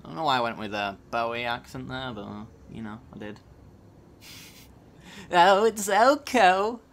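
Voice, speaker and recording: A man talks through a card game he is playing, weighing each move aloud in a relaxed, chatty way. His voice sits at an ordinary middle pitch, and a faint hiss runs under it. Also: fast. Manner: casual, thinking aloud while playing. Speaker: gaming channel host.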